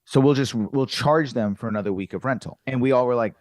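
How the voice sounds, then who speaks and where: A man's voice: mid-range voice, fast, no room sound. A man from Virginia, a comedian guest, telling stories in casual chat and acting out the people in them. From Virginia, USA. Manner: animated, acts out quoted exchanges.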